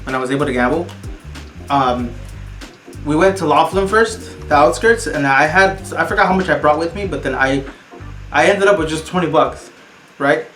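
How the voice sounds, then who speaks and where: A woman co-hosting a casual podcast, telling stories in a lively, animated way. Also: sits low, moderate pace, long pauses. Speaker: podcast co-host. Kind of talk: casual storytelling chat. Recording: echoey room, faint music.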